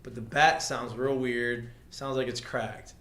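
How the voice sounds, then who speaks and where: A man's voice: mid-range voice, level tone, measured pace, fairly bright tone. A man hosting a podcast, telling a story in a casual, rambling way full of fillers. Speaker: podcast host. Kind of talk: casual chat. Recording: echoey room with faint noise.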